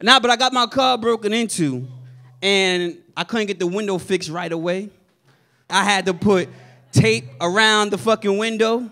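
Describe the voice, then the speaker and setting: A man's voice: sits high, normal speed, bright, forceful tone. A man doing a stand-up comedy set on a club stage into a handheld mic, telling loose, profane stories with punchy asides to the crowd. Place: comedy club stage before a live audience.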